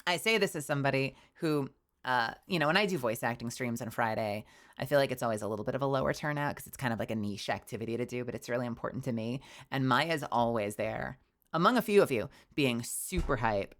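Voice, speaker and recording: A woman's voice: very deep voice, expressive, a little fast. A young woman streaming casually, bubbly and rambling, often laughing. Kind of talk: casual livestream chat.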